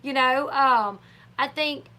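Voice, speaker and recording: A woman's voice: high voice, slow. A woman hosting a casual live chat, opinionated and chatty, acting out what others said. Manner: chatty, opinionated, acts out quotes in animated voices. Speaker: livestream host.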